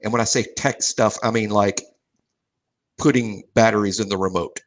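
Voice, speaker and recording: A man's voice: on the low side, steady tone, normal speed. A man hosting a podcast, talking in a dry, wry, self-deprecating way. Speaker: podcast host. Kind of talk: casual chat.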